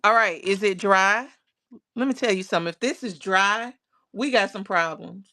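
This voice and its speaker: A woman's voice: mid-range voice, normal speed, sharp tone. A woman hosting a casual crafting livestream, greeting viewers by name, reading their comments aloud and talking herself through her work. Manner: talks to herself while working on crafts.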